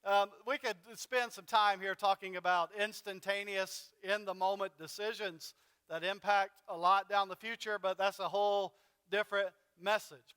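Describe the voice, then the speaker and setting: A man's voice: sits high, pushed and bright, clear, resonant tone, big-room sound. A man pastor preaching a sermon in a conversational way, dramatically retelling a story with fillers. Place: church sanctuary.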